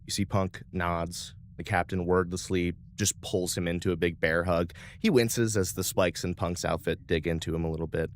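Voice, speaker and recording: A man's voice: sits low, steady tone, normal speed, hardly any pauses, a little hiss or hum. A man narrating as game master in a tabletop space game, casual with fillers.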